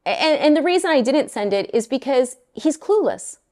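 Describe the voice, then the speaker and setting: A middle-aged woman mortgage lender talking casually to her viewers, blunt and animated, often exasperated. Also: sits high, moderate pace.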